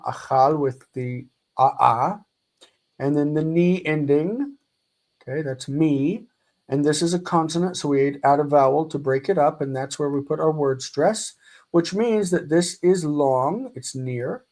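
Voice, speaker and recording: A man teaching a live grammar lesson, slowly explaining and repeating example words patiently. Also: on the high side, darkish tone, rough recording. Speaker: Hebrew teacher.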